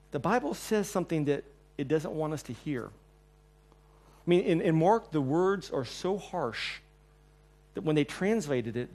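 A man preaching a sermon in a church. He tells the story with energy, acts out the quotes, and moves between loud and quiet passages. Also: on the high side. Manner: animated storyteller, acting out quotes, swings between loud and soft.

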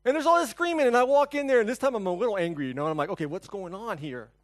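A male pastor giving a conversational sermon, telling stories, asking the congregation questions, and swinging between soft and loud. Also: very high voice, big pitch swings, very fast. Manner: storytelling, asks the congregation questions.

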